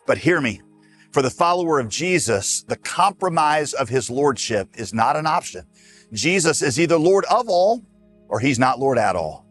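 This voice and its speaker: Man, pastor, sermon, animated pitch, folksy, emphatic, direct address. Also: moderate pace, soft background music.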